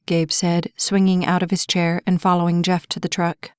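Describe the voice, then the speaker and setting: A woman narrating an inspirational romance audiobook in a clear, measured storytelling voice. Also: on the low side, flat delivery, darkish tone, no echo, clean studio sound.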